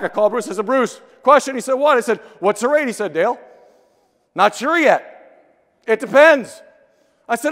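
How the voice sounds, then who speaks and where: A middle-aged man giving an energetic motivational keynote speech in a large conference hall, telling stories and acting out the dialogue. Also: very high voice, a little fast. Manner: energetic, storytelling with acted-out dialogue. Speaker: keynote speaker. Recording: long hall reverb.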